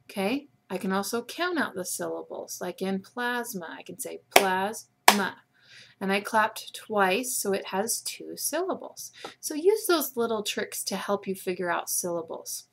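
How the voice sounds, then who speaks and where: A woman teacher giving a patient spelling lesson to students over a webcam, slowly sounding out letters and syllables. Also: mid-range voice, very animated, gravelly, slight background noise. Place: room with a whiteboard. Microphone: webcam microphone.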